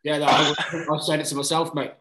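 A man in his thirties, a guest on a podcast, telling stories in animated casual chat. He swears freely and keeps saying "mate.". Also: on the high side, quick pace, a little hiss or hum. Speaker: guest, rugby player. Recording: roomy echo.

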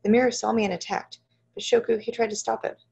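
A woman reading as a shaken young apprentice sorceress, faltering and pleading, gravelly fry, husky tone, slightly dull lo-fi recording. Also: on the high side, flat delivery, fast talker, a little mellow, pitched above the performer's own voice. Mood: anxious. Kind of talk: audiobook-style reading.

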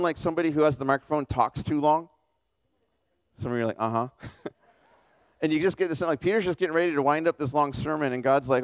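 Guy preaching, jokey and chatty, slips into character voices, kinda high voice, dry close sound. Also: no room sound. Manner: casual, joking, acts out characters with quick voice shifts. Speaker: pastor. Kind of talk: sermon. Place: church.

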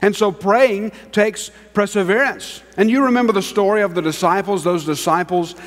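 A male pastor preaching a sermon, swinging between hushed, drawn-out words and raised, emphatic lines. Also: high voice, big-room sound.

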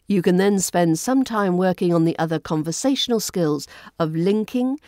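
A woman's voice: fairly low pitch, lively intonation, mellow, dry recording, clean studio sound. RP English woman teaching accent. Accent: Southern English RP. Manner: clear, measured teaching delivery. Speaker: accent coach and podcast host. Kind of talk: scripted podcast lesson.

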